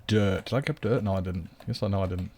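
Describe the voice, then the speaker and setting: A man's voice: low voice, quick pace, darkish tone, slightly rough. Rambling man streaming a game. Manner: rambling, chatty, greets viewers, talks to his cat. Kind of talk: casual live-stream chat.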